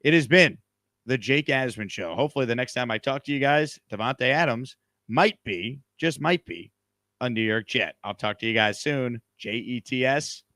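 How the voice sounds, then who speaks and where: A man's voice: mid-range voice, normal speed, sharp tone, no room sound, studio quality. A man hosting a casual live stream from a hotel room, upbeat and reading out viewer comments. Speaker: show host.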